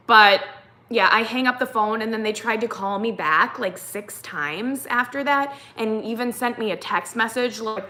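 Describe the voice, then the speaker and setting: Young woman vlogger, bright and slightly high voice, chatty storytime delivery. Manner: animated retelling, acts out quotes, fillers like "like". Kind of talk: casual storytime chat.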